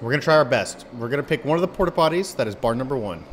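A man's voice: mid-range voice, expressive, rapid-fire, slight background noise. A man playfully talking through a farming video game with his young son, laughing and teasing as he plays. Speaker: gaming channel host, playing with his son. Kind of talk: casual gaming commentary.

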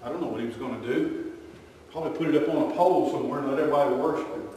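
A man preaching a sermon, telling stories and acting out voices with lively energy. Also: mid-range voice, very fast, a little hiss or hum. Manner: animated storytelling with acted-out voices. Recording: echoey hall from far off.

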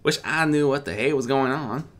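A man's voice: medium pitch, moderate pace, fairly bright tone, voice pushed up, natural voice. A man doing a blunt, spirited country mare pony. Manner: blunt, demanding.

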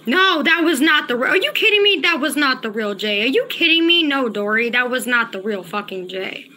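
A woman's voice: high voice, big pitch swings, brisk, bright, forceful tone. A woman livestreaming and talking to her chat, agitated and profane, often repeating herself. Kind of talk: casual livestream chat, reading chat.

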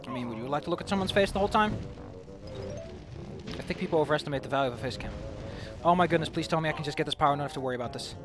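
A man's voice: a little high, very fast, pauses often. Joking male game streamer over music. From Netherlands. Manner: joking, self-mocking, with sudden loud outbursts. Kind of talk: casual gameplay commentary. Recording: game music playing behind.

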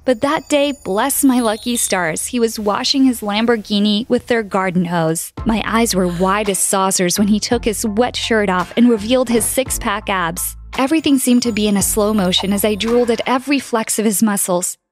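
A young adult woman narrating an animated story in the first person, in a sarcastic, expressive teen-girl manner. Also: mid-range voice, moderate pace, few pauses, soft background music.

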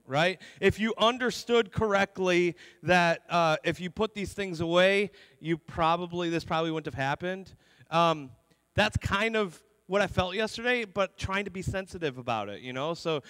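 A man's voice: high-pitched, moderate pace, fairly bright tone, clean tone, dry recording, in a large hall. A young adult man preaching a conversational sermon as pastor in a church, repeating words and dropping in many "you know"s. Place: church sanctuary.

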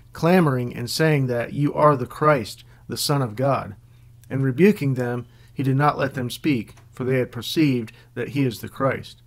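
A man giving scripted Bible teaching, reading scripture passages in a measured way. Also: medium pitch. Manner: measured, reads scripture aloud.

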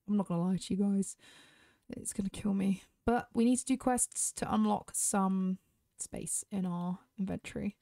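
British woman gamer, casual chatty commentary, close dry sound, mid-pitched. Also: moderate pace, a little mellow, no echo. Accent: British English. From Britain. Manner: chatty, talks straight to viewers. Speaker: gaming YouTuber.

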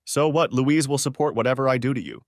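A man's voice: medium pitch, quick pace, no echo, studio quality, voice pushed up, close to an everyday voice. A man voicing a sneering bully lawyer. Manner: sneering, menacing. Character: arrogant bullying middle-aged male lawyer. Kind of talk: audiobook character voice.

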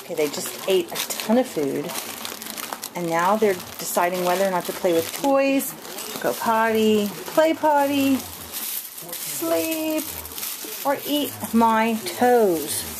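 Woman breeder, average pitch, casual home-video narration with sing-song baby talk to puppies, handheld camera mic, noisy room. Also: lively intonation, unhurried. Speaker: dog breeder. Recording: noisy home camcorder recording.

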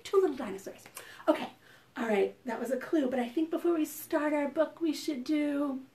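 A woman children's librarian leading a preschool storytime, reading and chanting rhymes in an animated, sing-song way. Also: sits high, vocal fry, slight background noise.

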